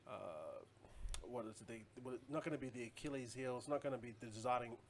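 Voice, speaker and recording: A man's voice: medium pitch, fairly quick, a little hiss or hum. Rambling man live streaming. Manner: rambling, chatty, answers viewer comments. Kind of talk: casual live stream chat.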